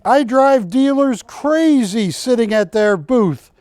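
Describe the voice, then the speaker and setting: A high-pitched older man hosts a live TV sales show. His voice is clear and smooth, and he takes his time. He is close-miked in a dry studio. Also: slow, no room sound. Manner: energetic, joking, urging callers. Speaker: shopping channel host.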